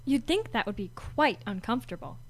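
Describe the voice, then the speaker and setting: A woman's voice: fairly high pitch, sing-song, a little fast. A teenage girl co-hosting a kids' radio show, chatting playfully and agreeing along. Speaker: co-host. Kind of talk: casual chat on kids' radio.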